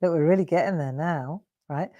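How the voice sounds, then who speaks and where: A woman's voice: low-pitched, brisk, dark tone, highs cut off. A middle-aged woman hosting a live craft demonstration, talking viewers through her coloring in a chatty, coaxing way. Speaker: craft show host.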